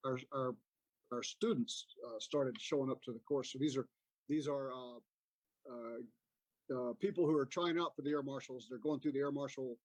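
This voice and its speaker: A man's voice: medium pitch, darkish tone, no room sound, poor audio. A man in his fifties, an army veteran guest, telling a war story in a rambling way with many fillers. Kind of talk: casual storytelling on a podcast.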